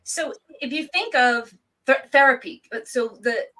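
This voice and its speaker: A woman's voice: high voice, distant mic, low-quality recording. Woman author from New England, chatty storyteller, sits back from the mic. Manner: lively storyteller, quick asides. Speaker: author and guest. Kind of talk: casual interview chat.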